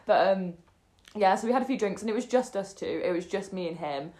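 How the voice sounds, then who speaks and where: An animated young woman co-hosting a chat show, acting out voices as she tells her story with a mid-pitched voice. Her talk rings in an echoey room. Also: brisk. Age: young adult. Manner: animated storyteller, acts out quoted voices, many fillers. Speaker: podcast co-host.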